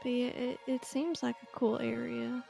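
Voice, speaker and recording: Hesitant woman with a gravelly voice. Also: on the high side, flat delivery, moderate pace, mellow, soft background music. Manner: hesitant, many fillers. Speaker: player.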